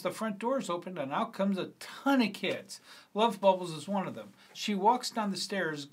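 Middle-aged male writer, casual read-through of his script. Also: a little high. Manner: casual reading with fillers and self-corrections. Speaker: screenwriter reading his script.

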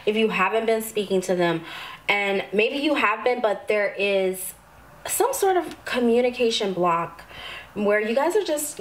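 A woman doing a tarot reading to camera, calm and spiritual, with sudden excited outbursts. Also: medium pitch, low-quality recording. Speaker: tarot reader.

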